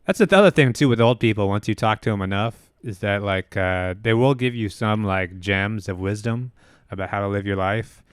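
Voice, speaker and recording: A man's voice: lowish voice, moderate pace, clear, resonant tone, no room sound, studio quality. A man co-hosting a podcast, rambling with many fillers and blunt, crude remarks. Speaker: podcast co-host. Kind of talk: casual podcast chat.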